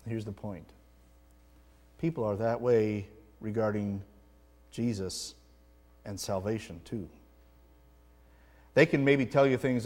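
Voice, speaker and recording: A man's voice: fairly low pitch, slow, long pauses, a little mellow, in a large hall. A man preaching a sermon with earnest emphasis, telling a story to make his point. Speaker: pastor.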